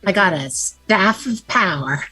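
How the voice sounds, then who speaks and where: A woman's voice: mid-range voice, expressive, measured pace, sharp tone, slightly rough, faint music behind, poor audio. A woman from Northern Maine playing in a tabletop game, chatting in a rambling, self-mocking way. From Northern Maine, USA. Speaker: player. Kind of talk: casual tabletop play.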